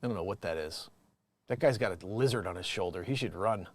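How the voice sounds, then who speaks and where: A man hosting a comedy news show, joking and swearing as he reads headlines and swings into loud bits. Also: deep voice, expressive, brisk, no room sound.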